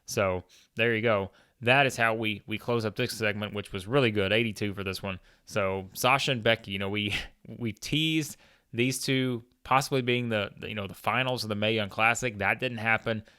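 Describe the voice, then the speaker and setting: A man's voice: fairly low pitch, moderate pace, sharp tone, clear, resonant tone, no echo, clean studio sound. A man hosting a gaming video, narrating a wrestling sim playthrough in a chatty way, with frequent fillers and chuckles.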